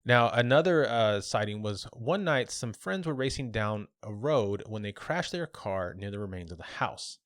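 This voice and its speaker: A man with a fairly low voice relaxes into a podcast retelling of a spooky legend. He wanders through it with fillers and restarts, and the recording is dry and close to the mic. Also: lively intonation, normal speed, few pauses, a bit bright, no echo. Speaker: podcast co-host. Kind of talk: casual podcast chat, telling a legend.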